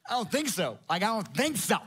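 Man playing an old man, squeaky high voice, disbelieving, comic, sermon story. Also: big pitch swings, brisk, fairly bright tone, husky, heavily acted. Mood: incredulous. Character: an old man, incredulous and joking.

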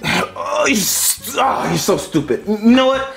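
A man's voice: sits high, very animated, measured pace, vocal fry, music in the background, full character voice. A man voicing a grumpy, insulting cartoon chef in a puppet comedy skit, exasperated and bossy.

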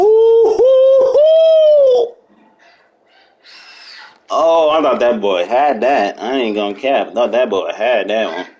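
A young man giving casual, excitable commentary while playing a video game, trash-talking, laughing and yelping often. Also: mid-range voice, breathy edge. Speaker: gameplay streamer.

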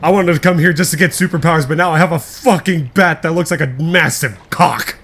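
Crude, joking young gamer. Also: male voice, a little high, fairly quick, a bit bright. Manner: crude, joking, rambling, swears a lot. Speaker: gameplay YouTuber. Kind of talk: casual gameplay commentary.

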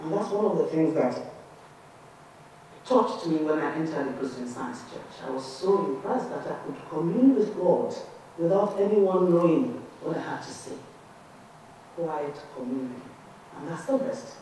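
A woman giving a religious lecture in a civic auditorium, expressive and shifting between soft and emphatic. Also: low-pitched, measured pace, slight background noise. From Nigeria. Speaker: Christian Science lecturer. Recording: echoey hall from far off.

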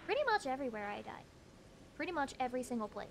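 High-voiced woman streaming a game. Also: very animated, fast talker, creaky, background noise. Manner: chatty, reacts loudly with shrieks. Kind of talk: casual live game commentary. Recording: music playing behind.

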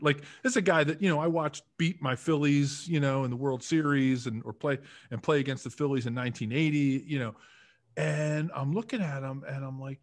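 A man's voice: a little high, a little fast, dry recording. A man in his fifties from the Philadelphia area, a former football lineman chatting as a podcast guest, telling stories with lots of acted-out quotes and fillers. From Philadelphia area, United States. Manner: chatty, animated storyteller acting out quotes. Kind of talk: casual storytelling interview.

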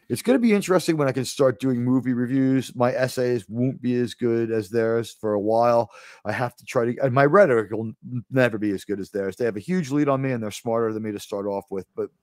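A man with a New York accent hosting a casual live stream, rambling and restarting his sentences, with sudden animated bursts. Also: medium pitch, fast, no room sound, clean studio sound. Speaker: livestream host.

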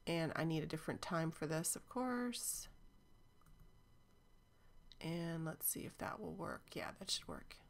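A woman's voice: low voice, lively intonation, measured pace, vocal fry, long pauses. A woman teaching cloud databases in a chatty, enthusiastic screen-recorded walkthrough, with frequent ums.

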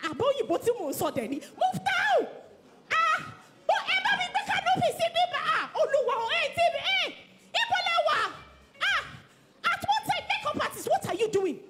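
An actress playing a flustered wedding planner with a Nigerian Yoruba accent, shouting orders fast and excitedly. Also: female voice, extremely high pitch, background noise, exaggerated voice. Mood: frantic. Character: frantic female wedding planner, bossy and flustered.

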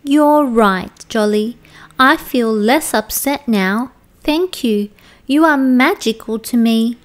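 A gentle young okapi girl, soft and tearful, with a lifted, higher voice, as a woman reading a children's storybook puts her on. She speaks slowly, like a small hurt animal asking for comfort. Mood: grateful.

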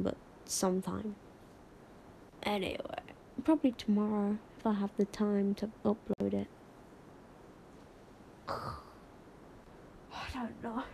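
A woman's voice: mid-range voice, vocal fry, warm tone, a little hiss or hum, low-quality recording. A woman streamer chatting casually while gaming, rambling and giggly, sleepy late at night. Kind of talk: casual live-stream chat.

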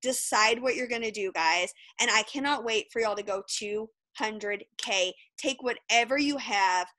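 A woman's voice: fairly high pitch, a little slow, sharp tone, no room sound, low-quality recording. A woman giving a blunt, fired-up motivational pep talk on a video call, swearing freely. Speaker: guest speaker.

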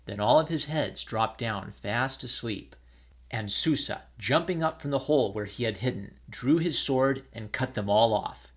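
A man reading an old fairy tale aloud in a measured storytelling manner. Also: medium pitch, expressive, breathy edge.

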